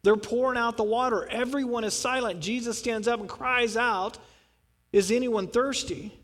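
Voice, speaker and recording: A man's voice: very high-pitched, fairly even intonation, moderate pace, a bit bright, long reverb tail. A male pastor preaching a sermon, dramatically acting out the scripture he quotes.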